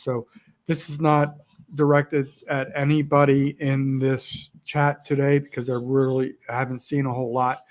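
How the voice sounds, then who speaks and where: A man around sixty, a podcast guest, talking bluntly and emotionally about feeling hopeless. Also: mid-range voice. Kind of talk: candid interview talk.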